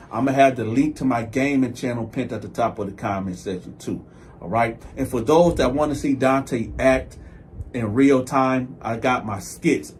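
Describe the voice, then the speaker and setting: A man hosting a storytelling channel, telling a story to his viewers in a loose, slangy way and acting out both sides of the conversation. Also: a little hiss or hum. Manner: animated, acts out both sides of a story with raised pitch for himself; loose slangy delivery, addresses viewers as y'all.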